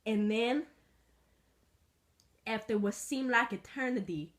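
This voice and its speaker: A young woman telling a comic story in the first person as her pet dog, rambling, deadpan and profane. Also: on the high side, moderate pace.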